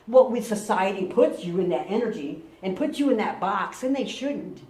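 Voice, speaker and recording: A middle-aged woman pastor preaching a lively, conversational sermon and acting out quotes. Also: medium pitch, normal speed, hardly any pauses. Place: church sanctuary. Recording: echoey room, mic from far off.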